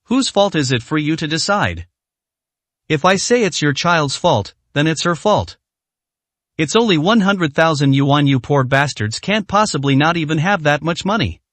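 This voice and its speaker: Arrogant wealthy mother read by a man, scornful, lively, dry close sound. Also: a little high, normal speed, no echo. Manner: haughty, contemptuous. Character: arrogant rich woman, spoiled son's mother.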